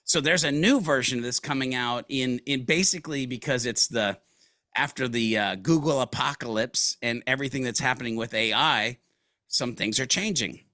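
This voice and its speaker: A man's voice: medium pitch, normal speed, no echo, studio quality. A man guest in a business interview, telling stories casually with slang and acting out quoted lines. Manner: animated storyteller, casual slang, acts out quotes.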